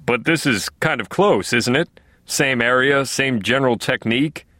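A man's voice: mid-range voice, normal speed, a bit bright, no room sound, clean studio sound, natural voice. A man voicing a skeptical male reporter asking pointed questions. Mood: probing. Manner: reasonable, questioning.

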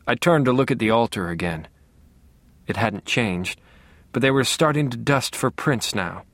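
A man's voice: medium pitch, lively intonation, normal speed, fairly bright tone, no room sound. A man narrating a crime novel in first person with a dry, wry manner. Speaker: audiobook narrator.

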